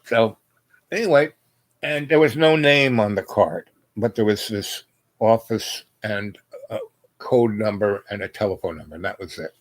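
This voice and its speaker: A man's voice: lowish voice, normal speed, no echo. A man telling a rambling personal anecdote in a casual way, acting out the dialogue and tossing in asides. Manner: rambling, acts out dialogue, frequent "you know" and "right?". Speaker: storyteller.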